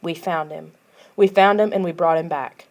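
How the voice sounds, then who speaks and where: A woman reading the part of a playful prankster boy in a lively, mischievous way. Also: lowish voice, normal speed, natural voice.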